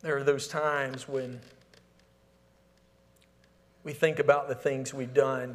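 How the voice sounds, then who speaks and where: A man preaching a sermon as pastor, asking the congregation to fill in words and swinging between emphatic calls and hushed, near-whispered lines. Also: medium pitch, flat delivery, takes it slowly, long pauses. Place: church sanctuary. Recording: long hall reverb.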